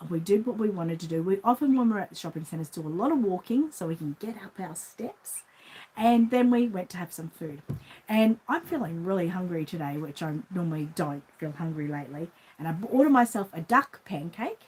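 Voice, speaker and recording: A woman's voice: fairly low pitch, expressive, moderate pace, a little mellow, husky, poor audio. Chatty Australian woman telling a story. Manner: chatty, rambling, acts out the voices in her anecdotes. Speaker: reborn doll shop owner. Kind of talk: casual storytelling vlog.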